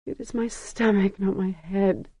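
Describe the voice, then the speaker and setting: A narrator putting on a whimpering, frightened young princess. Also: female voice, medium pitch, level tone, measured pace, mellow, no room sound, pitched above the performer's own voice, close to an everyday voice.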